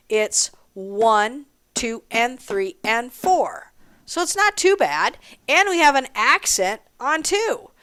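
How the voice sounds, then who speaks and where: A woman's voice: sits high, fairly bright tone, clean tone. A woman teaching a drum class, explaining rhythms step by step and counting beats aloud in an encouraging way. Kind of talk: music lesson with counting aloud.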